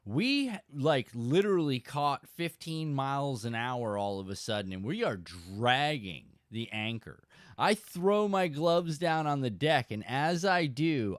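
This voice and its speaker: A man hosting a casual fishing livestream, telling a story with animated emphasis and chatting to viewers. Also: medium pitch, no room sound, clean studio sound. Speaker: fishing channel host.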